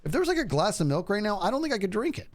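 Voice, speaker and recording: A man's voice: high voice, sing-song, very fast. A man streaming a game, chatting casually and rambling to his viewers. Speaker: livestreamer. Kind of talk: casual gameplay stream chat.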